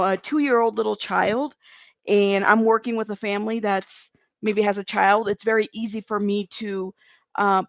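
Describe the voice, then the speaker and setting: A woman's voice: medium pitch, creaky, dry recording, dull audio. A woman working as a social worker, joining by remote call and earnestly explaining with many fillers. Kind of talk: casual call-in conversation. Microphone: remote call audio, not on camera.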